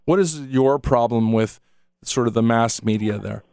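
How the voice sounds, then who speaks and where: A man's voice: mid-range voice, normal speed, gravelly, a little mellow, smooth, dry recording, studio quality. A man hosting a radio interview, asking meandering, hesitant questions full of fillers. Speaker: radio host. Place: radio studio. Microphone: studio microphone.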